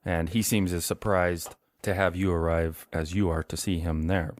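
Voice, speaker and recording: Low-voiced male game master. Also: moderate pace, no echo. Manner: relaxed, chatty narration with fillers. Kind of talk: narrating a tabletop horror game.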